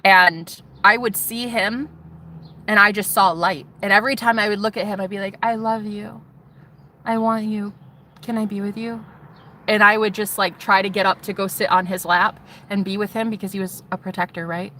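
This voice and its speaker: A woman's voice: medium pitch, steady tone, fairly quick, bright, forceful tone, slight background noise. A woman vlogger telling an intense personal testimony, swearing and speaking straight to her viewers.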